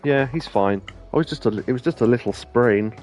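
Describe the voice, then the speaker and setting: A man reading the lines of a weary single-mother hostess from a video game in his own plain voice, unhurried and flat. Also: mid-range voice, muffled recording, faint music behind, natural voice. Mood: matter-of-fact. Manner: reads game subtitles aloud in a plain, unhurried voice.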